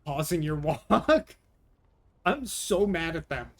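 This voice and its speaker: On a casual live stream, a young man responds to chat, exasperated and swearing as he vents. His voice runs on the high side with big pitch swings, and he takes it slowly.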